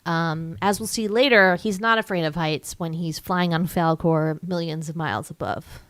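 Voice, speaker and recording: A woman co-hosting a podcast, recapping a movie in casual chat with sarcastic asides and quick character impressions. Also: fairly low pitch, a bit bright, no echo. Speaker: podcast co-host.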